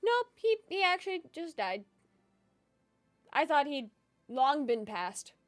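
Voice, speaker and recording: A woman's voice: high voice, sing-song, takes it slowly, no room sound, soft background music. A woman streamer giving chatty, casual gaming commentary, giggling often and swearing casually.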